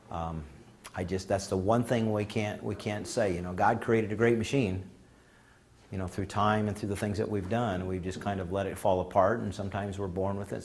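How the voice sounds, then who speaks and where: A man's voice: fairly low pitch, a little hiss or hum. A man giving a conference talk, telling folksy stories and acting out the quotes of the people in them. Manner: folksy, animated anecdotes with acted-out quotes. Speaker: conference speaker. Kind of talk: storytelling talk. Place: conference room.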